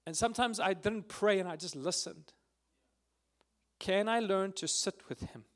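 A man giving an earnest, emotional testimony at a prayer meeting, sometimes close to tears and pausing with fillers. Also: high voice. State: tearful at times.

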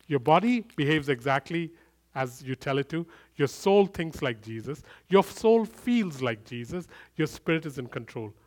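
A middle-aged man preaching a sermon, swinging from loud emphatic bursts to quiet, intimate storytelling. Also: a little high, expressive, moderate pace. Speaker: pastor.

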